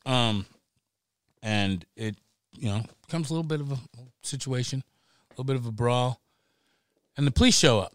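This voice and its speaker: Animated, swearing middle-aged man spinning yarns. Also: medium pitch, moderate pace, pauses often, no room sound. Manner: animated, swears freely, laughs through the story. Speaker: podcast guest. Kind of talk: casual storytelling.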